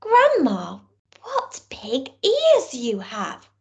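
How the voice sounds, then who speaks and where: A sweet, kind little girl from a children's storybook, as a woman reading aloud puts her on. Her voice sits high and innocent, bouncing up and down. She speaks slowly and carefully, wide-eyed and polite. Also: huge pitch swings, exaggerated voice.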